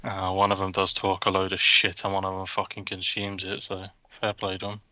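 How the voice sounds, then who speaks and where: A man's voice: sits low, monotone, fairly quick, sharp tone, dry recording, highs cut off. A man co-hosting a football podcast, casual, rambling and mocking, with frequent swearing. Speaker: podcast co-host.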